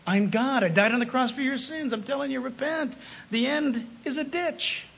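High, bright-voiced preacher. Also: male voice, normal speed, gravelly, slightly rough. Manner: emphatic, swinging between loud calls and hushed asides. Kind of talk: sermon.

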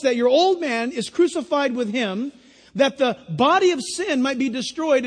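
A man preaching a sermon, lively and animated, acting out little voices and laughing at his own jokes. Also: extremely high pitch. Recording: long hall reverb.

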